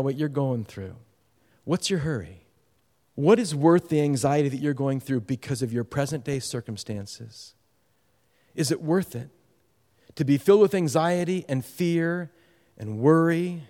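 A middle-aged male pastor preaching a sermon, telling a story that swings between loud urgency and hushed tenderness. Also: on the high side. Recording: long hall reverb.

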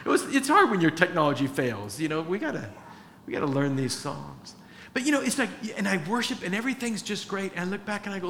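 A man's voice: high voice, expressive, a little fast. Male pastor, raised voice, emotive sermon delivery, church reverb with faint background noise. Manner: impassioned, swings between hushed and loud. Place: church sanctuary.

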